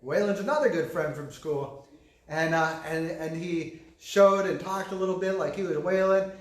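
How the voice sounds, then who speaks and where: A man, preaching a gentle, earnest sermon full of fillers. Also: high voice, normal speed. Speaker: pastor. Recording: echoey room.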